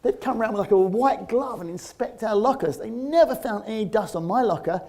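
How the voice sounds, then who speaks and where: A London man in his fifties tells a personal story in an interview, animated and lively and laughing easily as he goes. His voice sits slightly high with a gravelly, creaky edge, and he talks a little fast.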